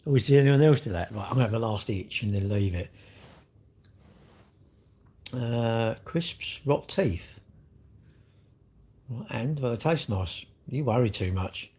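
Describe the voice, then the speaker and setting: Husky-voiced man chatting on a livestream. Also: mid-range voice, expressive, a little slow, long pauses, warm tone. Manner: chatty, blunt, joking, answers viewers directly. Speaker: livestream host. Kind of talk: casual livestream chat reading comments.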